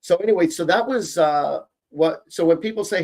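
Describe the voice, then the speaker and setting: A man's voice: sits high, normal speed, darkish tone. Chatty man hosting a psychic live stream. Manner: chatty, upbeat, repeats himself. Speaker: psychic medium, show host. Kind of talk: live-stream chat with viewers.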